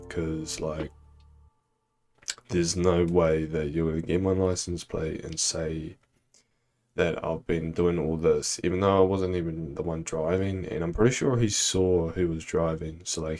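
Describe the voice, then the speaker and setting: A young man with a low voice tells a rambling storytime tale. He swears often and leans on ums and likes. Faint music plays behind him. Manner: rambling, heavy swearing and fillers. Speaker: vlogger. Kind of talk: casual storytime.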